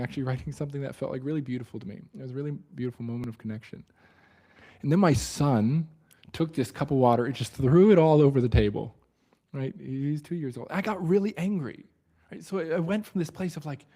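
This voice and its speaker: Earnest and reflective, a man leads a book study over livestream, frequently dropping his voice to a soft, low register.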